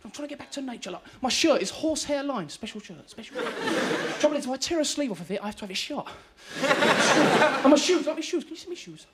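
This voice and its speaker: Rambling stand-up comic. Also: female voice, sits high, quick pace, hardly any pauses. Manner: rambling, excitable, laughing at own jokes. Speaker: stand-up comedian. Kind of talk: stand-up comedy. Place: live TV studio with audience. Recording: noisy live studio with loud crowd.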